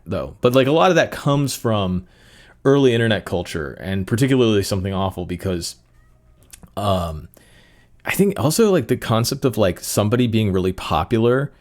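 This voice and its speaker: A young man hosting a solo podcast, rambling casually with many fillers and restarts. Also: on the low side. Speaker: podcast host.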